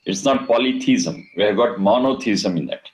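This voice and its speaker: A man teaching a scripture lesson. He explains Sanskrit words slowly and deliberately, and he repeats and chants the terms. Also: lowish voice, rough recording. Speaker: Vedic teacher.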